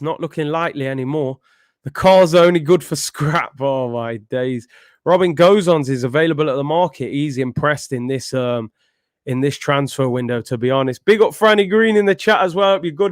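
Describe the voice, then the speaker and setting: A young man with hosting a casual football fan live stream, chatty and animated, answering viewers' messages. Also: on the high side, dry recording, studio quality. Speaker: football fan show host.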